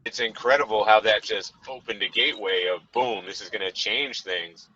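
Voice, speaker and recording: Bright-voiced man rambling about films. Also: on the low side, moderate pace. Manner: rambling, frequent "you know" fillers. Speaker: podcast co-host. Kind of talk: casual film chat. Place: in a car while driving. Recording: dull lo-fi sound with faint background noise.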